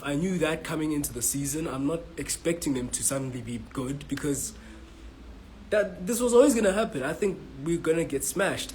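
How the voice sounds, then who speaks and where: A man's voice: a little high, slight background noise, rough recording. A man from South Africa giving a frustrated, swearing match reaction as a football fan vlogger, stumbling and repeating himself. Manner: frustrated, swearing, repetitive restarts.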